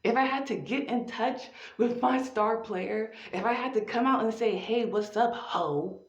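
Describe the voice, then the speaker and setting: A woman performing a profane, theatrical spoken-word monologue with drawn-out phrasing. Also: fairly high pitch. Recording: echoey, dull lo-fi room recording.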